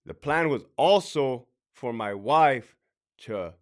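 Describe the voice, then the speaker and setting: A man recounts a painful personal story in casual speech. His delivery is halting and emotional, with repeated phrases and sighs. His pitch sits in a mid range for a man. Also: lively intonation. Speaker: podcast host telling a personal story.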